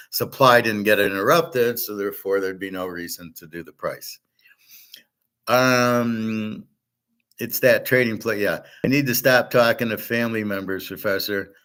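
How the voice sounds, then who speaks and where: A man's voice: lowish voice, a bit bright. A middle-aged man hosting a show, talking in a blunt, rambling, casual way and swearing now and then. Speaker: show host.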